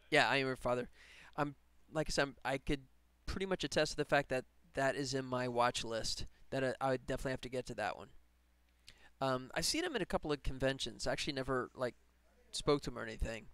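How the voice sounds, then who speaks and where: A man's voice: medium pitch, fairly bright tone, clean tone, no echo. A man chatting casually on a live stream while working on a game, rambling and laughing as he talks. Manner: rambling, enthusiastic, laughs often.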